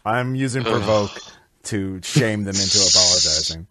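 A man with a lowish voice and a lively, rising-and-falling delivery plays a tabletop game. He hesitates and restarts as he works out how to explain his moves. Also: slow pace, no room sound. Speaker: player. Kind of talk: tabletop role-play banter.

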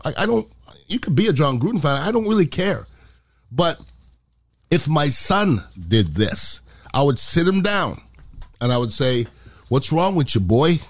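A man's voice: a little high, big pitch swings, a little slow, pauses often, dry recording, clean studio sound. A middle-aged man hosting a podcast, giving a blunt, impassioned opinion monologue. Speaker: podcast host.

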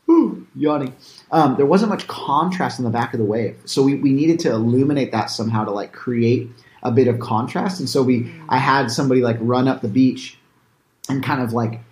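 A man's voice: medium pitch, brisk, a little mellow, reverberant. A man, a filmmaker being interviewed, talking casually with many fillers and restarts. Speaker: filmmaker guest.

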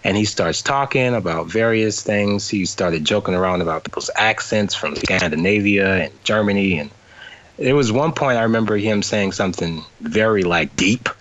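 A man from New Orleans, a guest in an interview, telling a story in lively detail over a remote call that cuts out. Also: fairly low pitch, moderate pace, dull audio. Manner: animated retelling with quoted voices and laughter. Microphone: remote call, cutting out.

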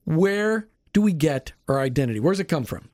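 High-voiced enthusiastic radio host man. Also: lively intonation, fairly quick, darkish tone, no echo, clean studio sound. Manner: enthusiastic, emphatic, addresses listeners directly. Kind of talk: Christian radio interview. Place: radio studio.

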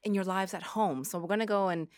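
A woman hosting a radio talk show, chatty and quick to laugh. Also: medium pitch, a little mellow. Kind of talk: casual radio chat. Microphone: studio microphone.

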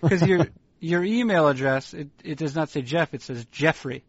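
Guy chatting loosely, kinda high voice, halting and rambly, dry dull sound. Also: slightly rough, no echo. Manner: rambling, halting, self-amused. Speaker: podcast co-host. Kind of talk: casual chat.

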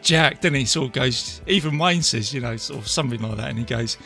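A man's voice: medium pitch, brisk, gravelly, bright, forceful tone, soft background music. A man co-hosting a podcast, chatting about a film and retelling its scenes. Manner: chatty, recounts scenes with quoted lines and laughs. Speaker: podcast co-host. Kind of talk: casual film discussion.

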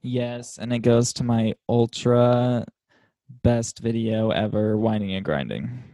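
A man's voice: mid-range voice, steady tone, slow, warm tone, no echo. Playful young man co-hosting a podcast. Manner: playful, chatty. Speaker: podcast co-host. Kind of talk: casual podcast chat.

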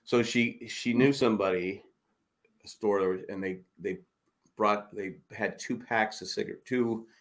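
A man's voice: lowish voice, steady tone, measured pace. A man in his sixties chatting casually on a podcast, swearing freely and acting out what people said in a raised voice. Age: 60s. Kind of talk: casual chat.

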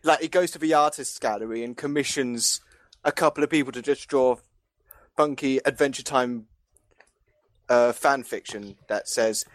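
A man's voice: moderate pace, no echo, studio quality. A man in casual comedic chat, rambling through an absurd made-up story with his friends. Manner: rambling, pitches absurd comic scenarios.

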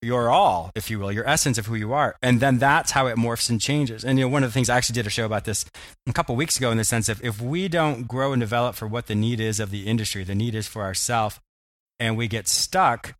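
A man's voice: medium pitch, fast, fairly bright tone, no room sound. A man hosting an interview show, asking long, rambling, thoughtful questions and laughing easily. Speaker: podcast host. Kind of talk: casual interview chat.

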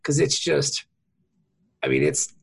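Raspy, gravelly man hosting with lots of laughter. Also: medium pitch, slow pace. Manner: laughs often, animated, playful. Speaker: podcast host. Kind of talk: casual chat.

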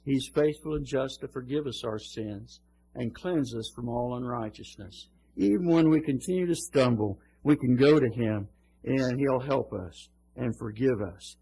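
A man's voice: on the high side, creaky, a little mellow, husky, low-quality recording. A man preaching a sermon, quoting scripture in an earnest, emphatic way. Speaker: pastor.

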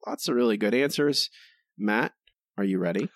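A man's voice: medium pitch, animated, normal speed, no room sound, clean studio sound. A man co-hosting a podcast, reading listener reviews aloud in a wry, casual way. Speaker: podcast co-host.

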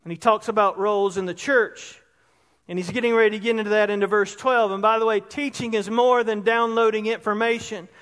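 A man's voice: high voice, fairly even intonation, a little fast, a bit bright. A man preaching a sermon as pastor, conversational and often asking his congregation questions, in a church sanctuary. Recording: long hall reverb.

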